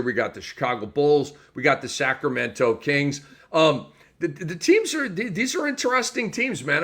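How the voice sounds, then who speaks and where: A man hosting a fantasy basketball podcast, energetic and joking, with many fillers and restarts. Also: on the high side. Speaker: podcast host. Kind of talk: casual sports podcast chat.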